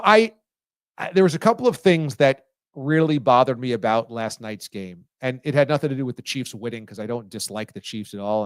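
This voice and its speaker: A man in his forties hosting a live sports talk show, telling stories with lively delivery and frequent laughs. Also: mid-range voice, clear, resonant tone, no room sound. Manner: lively, storytelling, laughs often. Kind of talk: casual live show chat.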